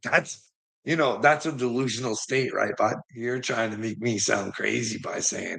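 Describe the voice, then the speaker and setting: Guy ranting on his stream, swears a ton, keeps laughing, rough gravelly voice. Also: mid-range voice, normal speed, bright, forceful tone. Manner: profane, rambling, laughs often between phrases. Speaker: livestreamer. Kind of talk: casual livestream rant.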